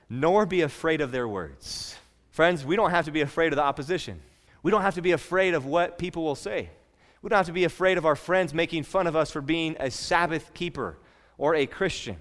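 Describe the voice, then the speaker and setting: In a large hall, a man with a slightly high, somewhat bright voice delivers a sermon as pastor. His tone is earnest and conversational, and he frequently repeats words when starting a thought over.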